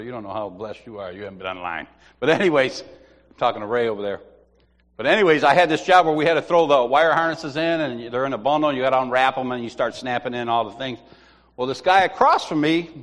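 A middle-aged man sharing a personal faith testimony as an animated storyteller who laughs and repeats himself. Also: medium pitch. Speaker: church member sharing a testimony. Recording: long hall reverb.

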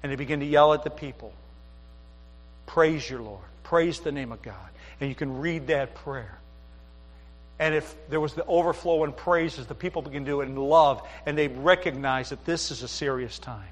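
A man's voice: fairly high pitch, fairly quick, in a large hall. A middle-aged man preaching a sermon as pastor, telling folksy stories with asides to the congregation. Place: church sanctuary.

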